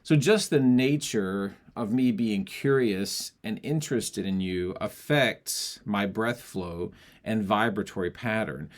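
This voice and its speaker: Low-voiced male voice teacher explaining. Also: takes it slowly. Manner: explanatory, with sung and spoken demonstrations. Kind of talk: singing lesson.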